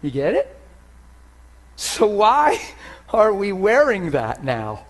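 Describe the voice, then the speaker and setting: Male preacher, high-pitched, animated sermon delivery. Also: takes it slowly. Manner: animated, acts out inner voices, asks listeners to follow.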